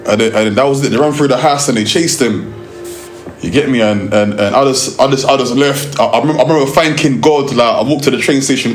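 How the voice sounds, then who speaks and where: A young man with a London accent tells a lively, slang-heavy story from his work filming music videos. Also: medium pitch, roomy sound. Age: young adult. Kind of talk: storytelling interview.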